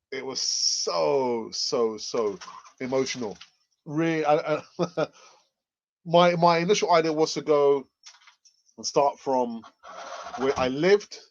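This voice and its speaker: A man's voice: fairly high pitch, slow pace, long pauses, a little hiss or hum. A man from England hosts a casual fan channel chat, rambling and repeating himself with many fillers and a cough. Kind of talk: casual live chat reading comments. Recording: muffled lo-fi audio.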